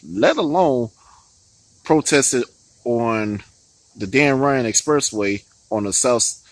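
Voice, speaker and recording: A man's voice: mid-range voice, dry recording, low-quality recording. A man giving heated, profane political commentary on his vlog, often stopping to laugh and restarting his words.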